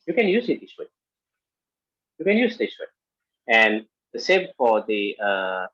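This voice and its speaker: A man lecturing on engineering statics in halting speech full of fillers and restarts, working through a problem step by step. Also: medium pitch, fairly bright tone, breathy edge, dry recording. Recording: muffled lo-fi audio.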